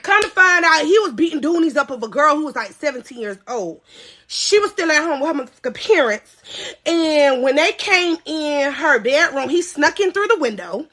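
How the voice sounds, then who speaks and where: A woman in her thirties telling a story on a live podcast, animated, swinging from loud cries to low asides. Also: moderate pace.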